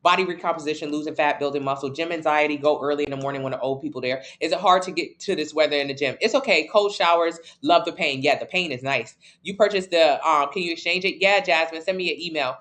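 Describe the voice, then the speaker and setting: A woman's voice: sits low, quick pace, hardly any pauses, a bit bright. A woman fitness coach answering viewers live, blunt and emphatic, repeating key points in casual slang. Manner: casual slang-heavy talk.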